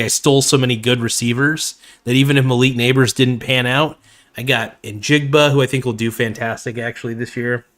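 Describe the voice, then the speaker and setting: A man's voice: medium pitch, pushed and bright. A man hosting a casual fantasy football stream, rambling with many fillers and calling viewers "man," his voice slightly worn. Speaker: fantasy football video host. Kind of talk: casual live-stream chat.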